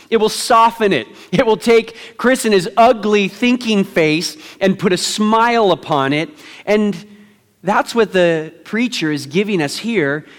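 A middle-aged man leads a church sermon as pastor, his voice pitched high. He moves from quiet, unhurried prayer to easygoing, self-mocking storytelling. The sound carries a long reverb from a large sanctuary. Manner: conversational, self-deprecating humor; hushed, slow prayer.

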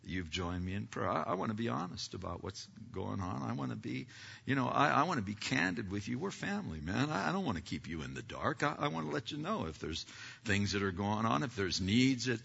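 A man preaching a sermon as pastor of his church, talking conversationally and swinging between loud passages and hushed ones. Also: mid-range voice, vocal fry, slightly rough. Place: church sanctuary. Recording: echoey hall, dull lo-fi sound.

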